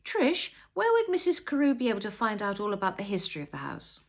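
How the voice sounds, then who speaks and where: An eager young estate agent, all smooth patter and bright persuasion, put on by a woman reading a story. The voice rises high and lively as he sells. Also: fast talker. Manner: polished sales patter.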